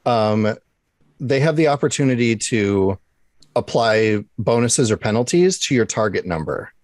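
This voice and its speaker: A player in a tabletop game, relaxed, explaining the rules to the others. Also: medium pitch, measured pace, no room sound, studio quality. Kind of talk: tabletop role-play chat.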